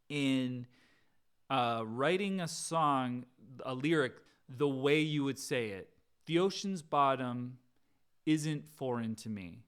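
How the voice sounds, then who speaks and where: A man's voice: medium pitch, fairly bright tone, clean tone. A man casually breaking down one of his songs, talking it through and singing lines on guitar. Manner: chatty, self-interrupting, breaks into singing lines. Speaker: songwriter teaching his own song.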